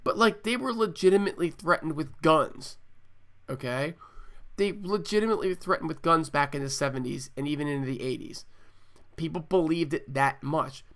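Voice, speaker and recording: A man's voice: on the high side, normal speed, fairly bright tone. A man co-hosting a podcast, talking emphatically with repeated words and profanity. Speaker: podcast co-host. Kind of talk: casual podcast chat.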